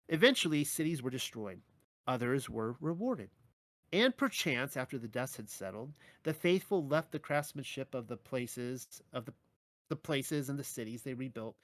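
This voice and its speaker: A man reading his own Bible teaching article aloud in a measured way, with occasional stumbles and wry asides. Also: mid-range voice, no echo.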